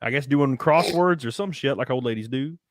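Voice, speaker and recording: A man's voice: medium pitch, normal speed, no echo, studio quality. A man chatting as a guest, telling candid, profane family stories in a laid-back way. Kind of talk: casual chat among friends.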